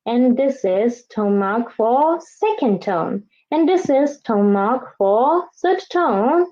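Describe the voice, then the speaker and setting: This woman's voice is fairly high and mellow. A native Vietnamese speaker, she gives a beginner Chinese lesson, slowly and deliberately modeling each tone with patient exaggeration so learners can repeat it. The recording sounds slightly dull and lo-fi.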